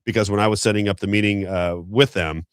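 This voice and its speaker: A man hosting a talk show, reading sponsor plugs and chatting in a quick, folksy way. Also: on the low side, steady tone, clear, resonant tone, no room sound, clean studio sound. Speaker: show host. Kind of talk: unscripted talk-show ad reads and banter.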